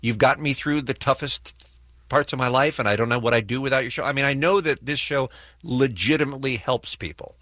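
A middle-aged American man co-hosting a morning radio show, speaking earnestly and heartfelt with halting restarts. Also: mid-range voice, pushed and bright, dry recording.

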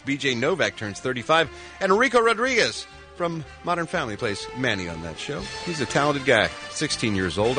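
A man reporting entertainment news on a radio morning show, with a lively, teasing announcer delivery. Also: mid-range voice, normal speed, soft background music.

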